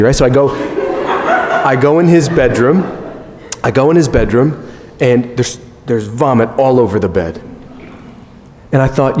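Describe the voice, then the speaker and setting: A man's voice: medium pitch, a little slow, pauses often. Storytelling man in a reverberant hall. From United States. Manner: animated, self-mocking storyteller. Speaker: conference speaker. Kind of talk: storytelling talk. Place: large conference hall.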